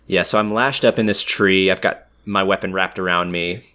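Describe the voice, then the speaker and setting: Deep-voiced male co-host and player, thoughtful and halting as he tells his character's story. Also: steady tone, bright, forceful tone. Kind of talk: casual tabletop game play.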